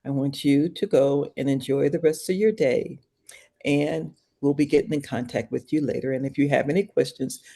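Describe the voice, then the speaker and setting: A podcast guest, an older woman with a bass voice, tells an animated story in a casual interview at normal speed. She performs every voice in it, from hushed to shrieking.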